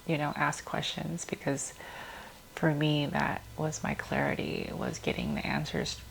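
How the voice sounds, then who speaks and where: Low, gravelly-voiced woman telling her story. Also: wildly swooping pitch, unhurried, a little hiss or hum. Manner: casual, rambling, lots of filler words. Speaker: host. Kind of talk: personal storytelling.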